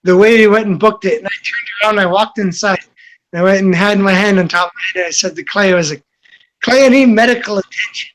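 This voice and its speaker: Host, male, bright forceful tone, rambling swear-heavy storyteller. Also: high-pitched, steady tone, quick pace. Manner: rambling, profane, laughing through the story. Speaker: podcast host. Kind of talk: casual storytelling among friends.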